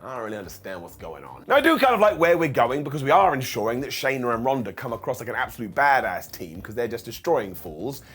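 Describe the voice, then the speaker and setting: A man's voice: medium pitch, sing-song, fast, few pauses, a bit bright, husky. A man reviewing a wrestling show in a casual, sarcastic recap, acting out quotes in funny voices.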